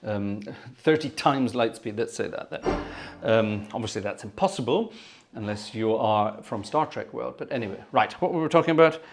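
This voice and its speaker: A man's voice: mid-range voice, normal speed, slight background noise. A man hosting a live organ-music stream, chatting cheerfully and thanking viewers by name between tunes. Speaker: livestream organist and host.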